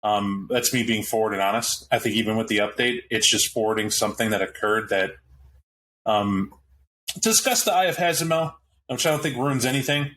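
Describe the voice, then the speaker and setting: A man's voice: fairly low pitch, a little fast, fairly bright tone, slight background noise. A man on a podcast panel, talking animatedly about a tabletop game with frequent restarts and asides. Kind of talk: casual roundtable chat about a tabletop game.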